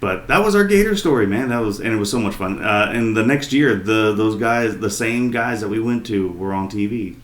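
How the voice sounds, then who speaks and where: A man co-hosting a podcast, telling a story in casual chat with plenty of swearing and animated retelling. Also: lowish voice, a little fast, hardly any pauses, echoey room. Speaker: podcast co-host.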